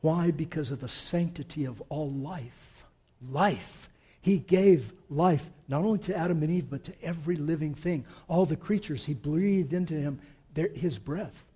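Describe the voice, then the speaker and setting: Man preaching, surging to loud emphasis. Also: a little high, unhurried, slightly rough. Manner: swells from quiet explanation to loud emphatic declarations; conversational asides to the congregation. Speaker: pastor. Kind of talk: sermon.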